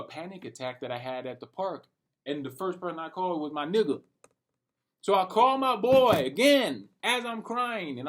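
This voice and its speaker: Rambling young man in a late-night rant. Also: on the high side. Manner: rambling and animated, talking to himself with lots of slang and profanity. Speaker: vlogger.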